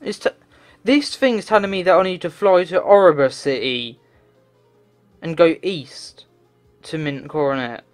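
A man's voice: fairly high pitch, a little slow, long pauses, faint music behind. A man doing game commentary, talking to himself and swearing in frustration as he plays. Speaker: let's play gamer.

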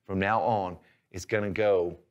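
Male language tutor. Patient, methodical explainer with a somewhat low voice. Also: steady tone, unhurried, highs cut off. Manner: patient, clear, step-by-step explaining. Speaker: language teacher. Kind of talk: instructional lesson.

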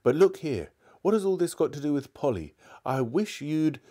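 Man doing a high, alarmed young boy. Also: sing-song, moderate pace, mellow. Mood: probing. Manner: urgent, raised pitch.

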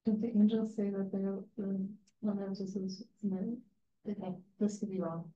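A woman's voice: mid-range voice, little pitch movement, normal speed, mellow. Distant, muffled woman thinking aloud. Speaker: class participant. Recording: distant, dull, echoey.

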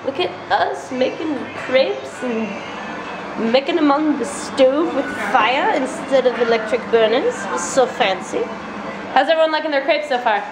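A woman's voice: high voice, moderate pace. Chatty young woman vlogging outdoors. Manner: chatty and excitable, narrating as she walks. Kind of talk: casual travel vlog narration. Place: city streets and gardens outdoors. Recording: handheld camera outdoors with loud street noise.

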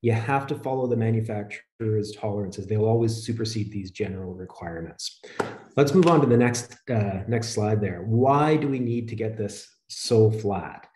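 Low, mellow-voiced man presenting slides. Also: normal speed, roomy sound. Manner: steady explanatory delivery, conversational. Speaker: webinar presenter on flooring.

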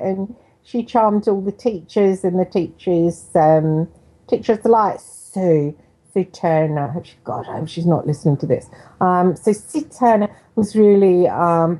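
A woman's voice: on the low side, dark tone. A middle-aged English woman from West London hosting a radio show, telling her story in a rambling, hesitant way full of ums and self-deprecating asides. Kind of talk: casual monologue. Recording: dull lo-fi internet radio sound.

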